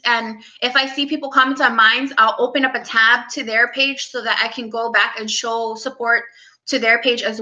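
A young woman hosting a casual live stream, speaking softly and close to tears as she greets viewers by name. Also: fairly high pitch, lo-fi sound. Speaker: livestream host.

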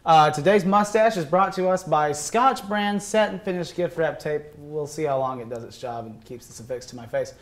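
A man's voice: a little high, normal speed, few pauses. A young man hosts a casual student game show. His delivery is playful and loose, with frequent laughter between the questions. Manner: playful, jokey, laughs often.

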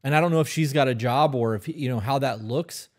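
A man's voice: mid-range voice, a little fast. A man co-hosting a podcast in casual chat, blunt and swearing freely. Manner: blunt, profane. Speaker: podcast co-host.

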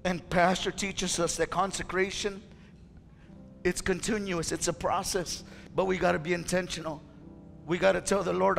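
Male preacher, fervent and exhorting, high gravelly voice, hall reverb. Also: fairly even intonation, normal speed, a bit bright, soft background music. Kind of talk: sermon. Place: church sanctuary.

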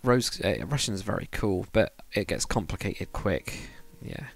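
During a game livestream, a male streamer chats casually with viewers while building, rambling and laughing a lot. His voice is fairly low, creaky and animated, moving at a measured pace.

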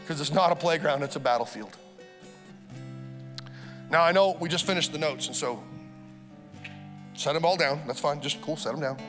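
High-voiced energetic male preacher in a hall. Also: a little fast. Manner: energetic preaching, rising to loud urgent appeals, calls for congregation responses. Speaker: pastor. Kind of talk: sermon. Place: church auditorium. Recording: live sermon in a large reverberant hall with faint music.

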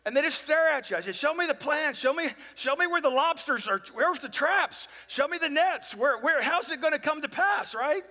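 A man preaching a sermon in a high, bright and forceful voice, chatty and direct, often checking in with his listeners. His voice rings through a large hall with a long reverb. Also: animated, normal speed, few pauses. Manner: conversational, asks "right?" often, acts out people in dialogue. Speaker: pastor.

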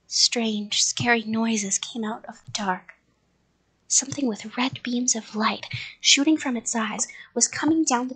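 A woman reading a spooky storybook aloud, hushed and often slipping into whispers, pausing to ask her listeners whether to go on. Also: on the high side, slightly rough, rough recording. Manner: chats with listeners between parts.

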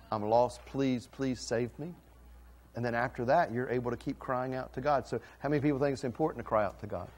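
A middle-aged man, a pastor, giving a playful children's sermon and questioning the kids. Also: mid-range voice.

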